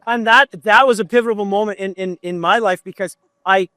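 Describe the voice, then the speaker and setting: A man in his thirties with a notably high voice, chatting on a podcast as a guest musician. He tells his stories with fired-up energy. The sound is close and dry. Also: brisk, clean tone, no echo. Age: 30s. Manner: animated, fired-up storytelling. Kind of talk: casual podcast chat.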